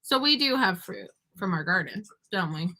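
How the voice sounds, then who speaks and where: A woman's voice: medium pitch, animated, normal speed, bright, forceful tone. A young woman, a homeschooling mother, chatting casually to her viewers while her young daughter eats beside her. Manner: chatty, talking with her child between points. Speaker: homeschooling mother and online teacher. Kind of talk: casual talk to camera.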